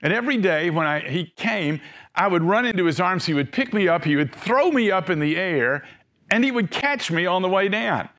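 Storytelling preacher man, fairly high voice. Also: lively intonation. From Tennessee. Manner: storytelling, slows and softens for emotional moments. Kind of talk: sermon.

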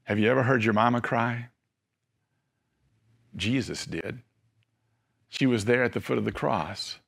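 A middle-aged male preacher delivering a sermon, telling stories and slowing down and softening at emotional moments. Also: fairly high pitch, animated. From Tennessee.

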